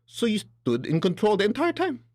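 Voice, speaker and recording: A man giving a spiritual lecture, animated and laughing between points, acting out other people's voices as he talks. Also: sits high, normal speed. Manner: animated, acts out quoted voices. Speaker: spiritual teacher. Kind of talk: spoken lecture.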